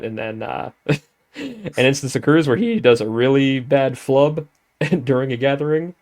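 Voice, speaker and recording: A man co-hosting a podcast in casual chat, excitedly retelling a film with frequent swearing and laughter. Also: medium pitch, moderate pace. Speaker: podcast co-host.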